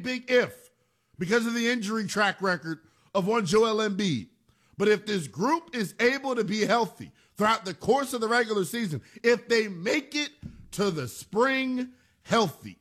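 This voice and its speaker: Animated man hosting sports radio. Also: sits high. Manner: animated, emphatic, repeats phrases for punch. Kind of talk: sports talk radio monologue.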